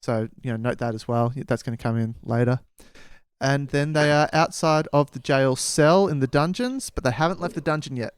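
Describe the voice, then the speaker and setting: A man co-hosts a podcast, making up a story as he goes and dropping dry quips. His voice is smooth and resonant. The sound is close and dry. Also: medium pitch, moderate pace, dry recording. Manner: joking, improvising, dry quips. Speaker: podcast co-host. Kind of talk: casual chat.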